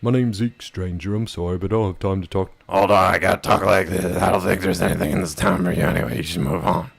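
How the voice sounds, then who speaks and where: A man voicing a gruff, gravelly middle-aged townsman in a game, brusque and unfriendly, and louder than his own talk. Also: sits low, fairly even intonation, quick pace.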